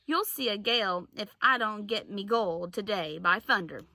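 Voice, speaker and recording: A woman voicing a gruff, greedy one-eyed pirate captain in a read-aloud storybook, barking his orders. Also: mid-range voice, moderate pace, sharp tone, dry recording.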